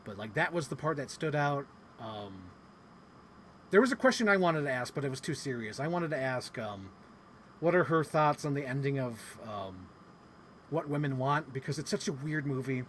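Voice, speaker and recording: A man hosting a casual talk show, telling a story in an animated, rambling way and swearing often. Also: medium pitch, normal speed, slight background noise. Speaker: podcast host. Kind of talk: casual chat recapping a convention.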